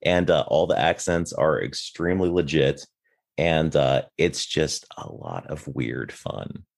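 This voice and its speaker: A man with a very deep voice talks casually. He states his opinions with wry confidence. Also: unhurried, creaky. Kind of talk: casual chat.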